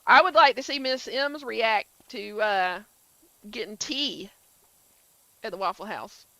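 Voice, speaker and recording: A woman's voice: a little high, slow pace, sharp tone, no echo, poor audio. A woman from the States, chatting casually with her stream while playing a game, full of filler likes. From southern United States. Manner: chatty, answers chat, many filler likes. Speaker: gaming streamer.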